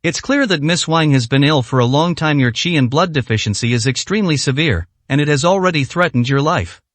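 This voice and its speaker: A confident young doctor states hard facts calmly and plainly, as a male narrator voices him. The voice sits a little high. The read is dry. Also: brisk, no echo, lightly acted. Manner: calm, matter-of-fact.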